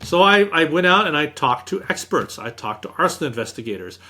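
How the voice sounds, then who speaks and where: A middle-aged man, an author being interviewed, telling animated anecdotes and acting out what others said. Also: a little high, fairly quick. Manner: animated anecdotes, acts out quoted speech. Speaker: author guest. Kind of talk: interview storytelling.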